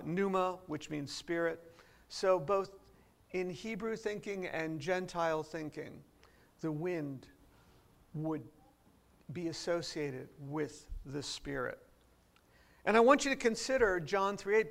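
A man's voice: sits high, gravelly. A man preaching an expository sermon to a seated congregation, explaining scripture step by step and posing rhetorical questions. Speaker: pastor. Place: church before a seated congregation.

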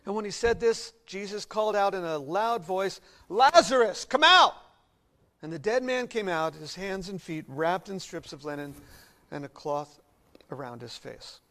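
A man preaching a sermon, earnest and expressive, dropping to quiet reflection and rising to loud emphasis. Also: high-pitched, normal speed, rough recording.

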